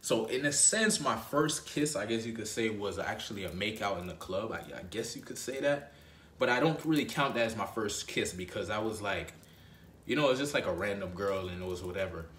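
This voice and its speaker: A man's voice: fairly low pitch, animated, brisk, fairly bright tone, recorded from a distance, a little hiss or hum. A man telling a personal story in a casual, rambling way, often checking in with "right?" and "you know what I mean". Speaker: dating advice host. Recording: roomy echo.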